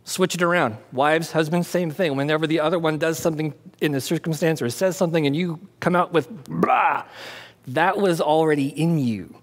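A male pastor delivers a sermon in a relaxed, conversational way, breaking off into hands-on demonstrations. His voice sits a little high for a man. Long reverb rings around him in a church hall. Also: fairly quick, hardly any pauses.

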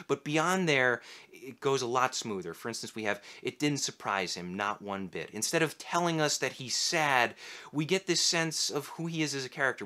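A young man with a bright, forceful voice talks through writing advice to camera. He is candid and blunt, with a sarcastic edge when he mocks clichés. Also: mid-range voice. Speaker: writing teacher.

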